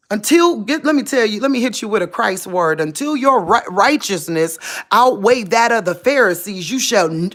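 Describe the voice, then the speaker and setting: A religious vlogger speaks directly to her viewers in an unscripted spiritual monologue, impassioned and preachy. Her voice is fairly high and a bit bright.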